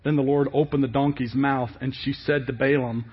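A male pastor preaching a sermon in an animated way, asking many rhetorical questions. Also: mid-range voice, moderate pace, few pauses, breathy edge, muffled recording.

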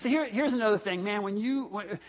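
A male pastor preaching a sermon, animated and storytelling, acting out the voices in the stories he tells. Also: sits high, a little fast. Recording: dull lo-fi audio.

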